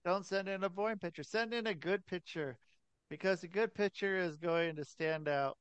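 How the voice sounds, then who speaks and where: Smooth-voiced man hosting a podcast. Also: high voice, normal speed, dry recording, highs cut off. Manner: laid-back, profane banter. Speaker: podcast host. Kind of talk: casual podcast chat.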